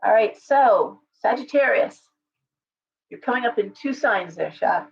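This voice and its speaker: A woman with a gravelly edge in her voice hosts a casual live tarot reading. She thinks out loud, restarting her sentences and chatting to viewers as she turns the cards. The audio is dull and lo-fi, like a home stream. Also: on the high side, expressive, unhurried, a little hiss or hum.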